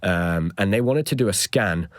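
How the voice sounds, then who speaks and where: A young man hosting a podcast, recounting a personal story in an animated, increasingly agitated way. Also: deep voice, moderate pace, dry recording, clean studio sound. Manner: animated retelling with rising agitation. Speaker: podcast host. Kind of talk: solo storytelling.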